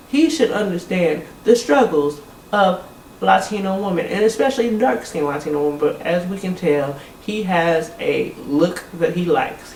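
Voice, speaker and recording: A man's voice: fairly high pitch, echoey room, recorded from a distance, a little hiss or hum, rough recording. A man giving a blunt, exasperated recap of a reality TV episode, swearing freely and talking casually.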